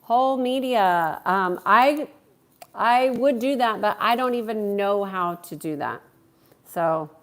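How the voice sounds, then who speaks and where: A woman's voice: medium pitch, slow. A woman hosting a live stream, chatting with viewers and answering their questions in a friendly, talkative way. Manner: warm, chatty, greets viewers by name. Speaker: livestream host and coach.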